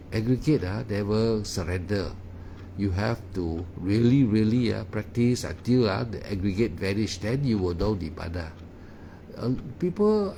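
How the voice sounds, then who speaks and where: A man's voice: medium pitch, background noise. A man teaching meditation in a Dharma talk, in broken English with many "ah" fillers and repeated words. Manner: non-native English grammar.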